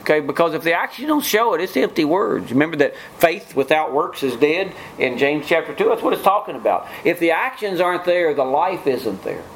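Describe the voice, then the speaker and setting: A man's voice: fairly high pitch, very animated, a little fast, hardly any pauses, a little hiss or hum, rough recording. A man preaching a sermon in an earnest way, often restarting phrases and mimicking scoffers. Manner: earnest, repetitive restarts, mock-quotes scoffers.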